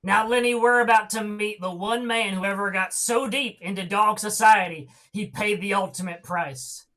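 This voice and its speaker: A woman's voice: mid-range voice, normal speed, fairly bright tone. A woman reading a part brashly in a comedy podcast script reading. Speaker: podcast co-host.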